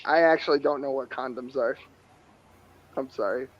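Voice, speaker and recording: A man's voice: mid-range voice, moderate pace. A man with a nasal voice, hosting a casual group chat in rambling, profane rants. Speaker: podcast host. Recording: dull lo-fi audio.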